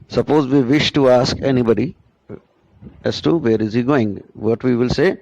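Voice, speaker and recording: A man giving a classroom lesson on pronunciation, deliberate and repetitive, often checking in with "right?". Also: medium pitch, vocal fry, a little mellow, highs cut off. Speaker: English teacher.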